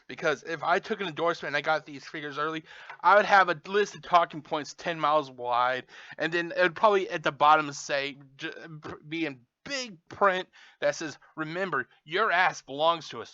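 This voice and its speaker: A man's voice: a little high, pushed and bright, no echo. A man reviewing toys in a profane, angry, sarcastic unboxing rant, recorded at home. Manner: angry, sarcastic, swears constantly. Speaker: toy reviewer. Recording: dull lo-fi dry sound.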